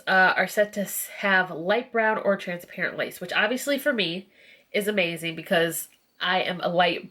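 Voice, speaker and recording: A woman's voice: medium pitch, fairly bright tone. A woman reviewing a product in a casual vlog, chatty and full of fillers, sounding nasal and congested. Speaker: beauty vlogger.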